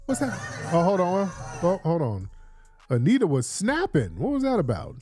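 A man's voice: sits high, huge pitch swings, normal speed, over music. A man hosting a casual commentary vlog, rambling, repeating himself and laughing often. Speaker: vlog host.

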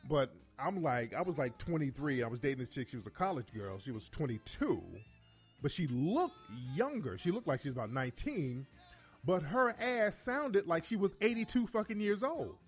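A man in his forties hosting a call-in radio show, telling profane, animated stories and laughing often. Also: on the high side, moderate pace, slightly rough, soft background music. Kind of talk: comedic call-in radio talk.

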